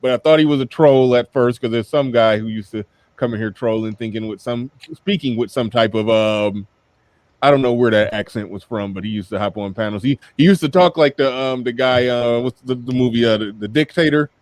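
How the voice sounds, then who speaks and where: A man's voice: medium pitch, a little fast, darkish tone, dry recording. An American man hosting a livestream, chatting loosely and rambling, laughing often and repeating himself. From United States. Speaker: livestream host. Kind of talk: casual livestream chat.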